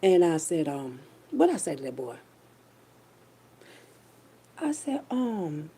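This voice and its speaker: A woman's voice: sits low, sing-song, slow pace, pauses often, dark tone, slightly rough. A middle-aged woman telling a story to her listeners in a chatty, loose way. She uses heavy slang and calls her listeners baby and child. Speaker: vlogger. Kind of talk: casual storytelling monologue.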